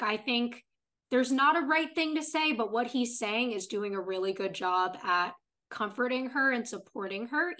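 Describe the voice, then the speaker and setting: A woman's voice: fairly high pitch, fairly bright tone. A woman co-hosting a podcast, chatting casually and retelling TV scenes at length. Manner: retells scenes at length, reading out characters' lines. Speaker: podcast co-host. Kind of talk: casual chat recapping a TV episode.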